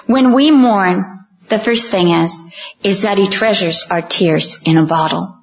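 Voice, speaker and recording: Slow, earnest woman preaching a sermon. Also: medium pitch, muffled recording. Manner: earnest, emphatic, slows down on key lines, acts out quoted voices.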